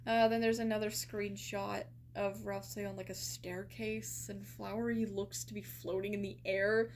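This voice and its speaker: A woman's voice: mid-range voice, little pitch movement, normal speed, a little hiss or hum. A young woman streaming live, chatting casually with lots of fillers and incredulous reactions.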